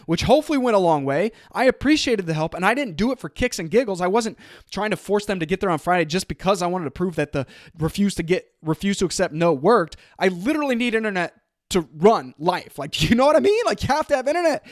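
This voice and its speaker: A man hosting his own motivational podcast, telling a story in an energetic, conversational way and quoting others in his own voice. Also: high voice, fast talker, no echo, clean studio sound. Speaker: podcast host.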